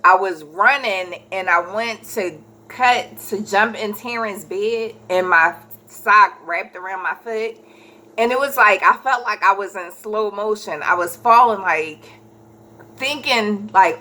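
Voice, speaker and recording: Brief: woman, 30s, vlogger storyteller; bright, lively telling, often stops to correct herself. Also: mid-range voice, a little slow. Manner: animated, acts out quoted voices, corrects herself mid-story. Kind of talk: casual storytelling.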